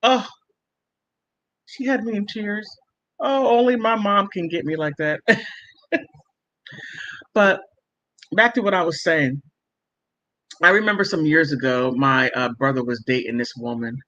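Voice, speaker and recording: A woman's voice: on the low side, a little slow, long pauses, a bit bright. A middle-aged woman hosting a casual livestream, chatting emphatically with viewers and laughing often. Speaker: livestream host reading viewer comments. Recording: muffled lo-fi stream audio.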